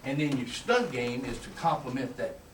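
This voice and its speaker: Folksy older coach in a roomy hall. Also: male voice, medium pitch, lively intonation, moderate pace. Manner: colorful, emphatic, chuckles through stories. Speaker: football coach presenting at a clinic. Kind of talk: folksy storytelling lecture. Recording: roomy, distant mic with faint room noise.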